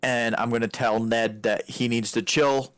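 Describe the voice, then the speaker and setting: A man playing a tabletop game on a stream, joking and talking in quick bursts. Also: mid-range voice, steady tone, fairly bright tone, smooth, no room sound. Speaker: player. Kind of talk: casual game chat.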